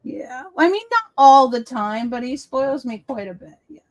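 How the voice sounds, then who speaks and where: A woman's voice: high-pitched, expressive, normal speed. A woman co-hosting a casual crafting livestream, chatting over a video call and telling stories, often switching into cooing baby talk for her dog. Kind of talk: casual chat.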